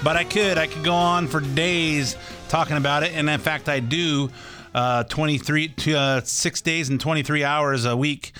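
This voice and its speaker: A man's voice: fairly high pitch, fairly even intonation, normal speed, sharp tone, soft background music. An older man hosting a talk radio show, rambling in a casual folksy way with lots of fillers. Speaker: radio show host and mortgage broker.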